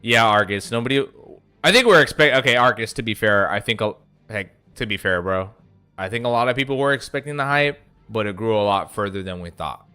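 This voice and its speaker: A man's voice: fairly low pitch, animated, a little fast, pushed and bright, clean tone. A young man from the US East Coast, a streamer chatting casually and swearing as he reads chat aloud. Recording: faint music behind.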